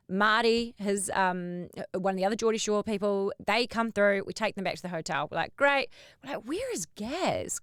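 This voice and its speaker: A woman, hosting a podcast and telling a story in a casual, animated way, acting out the voices she quotes. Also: mid-range voice, smooth, no echo, studio quality. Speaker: podcast host.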